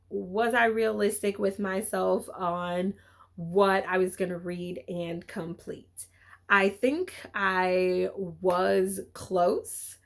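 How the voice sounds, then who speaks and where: A woman chatting casually in a book wrap-up video, animated and excitable, with frequent restarts and exclamations. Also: medium pitch, creaky. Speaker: book vlogger.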